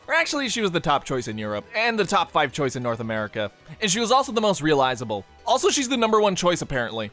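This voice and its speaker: A man's voice: on the high side, huge pitch swings, quick pace, sharp tone, faint music behind. A man giving scripted video essay narration, slipping in dry, joking asides.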